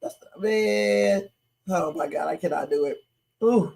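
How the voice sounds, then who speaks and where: A woman's voice: on the low side, unhurried, creaky, warm tone. A woman hosting a livestream and reacting to viral videos in casual, slangy, profane chat, laughing often. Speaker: livestream host. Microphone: streaming setup.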